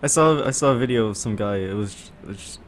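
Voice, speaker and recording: A man's voice: on the low side, animated, brisk, a little hiss or hum. A young man co-hosting a casual chat, telling stories in a rambling, hesitant way that trails off. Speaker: podcast co-host.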